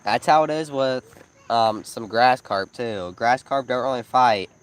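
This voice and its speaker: A man's voice: mid-range voice, measured pace, poor audio. Chatty man on a night fishing stream. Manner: chatty, tells fishing stories, asks viewers to choose. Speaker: fishing channel co-host. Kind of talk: casual live-stream chat. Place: outdoors at a pond at night in the rain.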